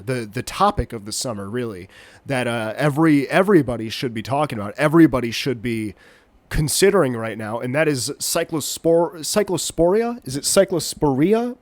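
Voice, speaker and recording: A podcast host, his mid-range voice animated and at a normal speed, rambles jokily through a solo podcast chat. He sounds congested as he gets over a cold and pokes fun at himself. There's no echo.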